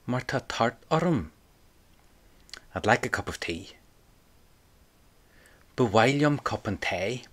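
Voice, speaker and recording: A man's voice: medium pitch, animated, slow, pauses often, a bit bright. A man teaching an audio language lesson, patiently prompting the listener and repeating phrases for them to say back.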